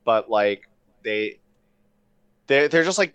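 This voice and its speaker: A man in casual podcast chat, excitable and rambling, swearing often with lots of fillers. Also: fairly high pitch, a little slow.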